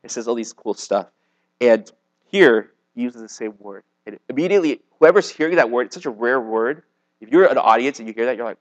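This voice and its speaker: A man preaching in a loose, conversational way, with a voice of middling pitch. He slips into slang and often turns suddenly louder to stress a point, then drops back to a quieter telling. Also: rough recording. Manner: casual, animated preaching with slang and sudden loud emphasis. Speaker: pastor. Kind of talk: sermon.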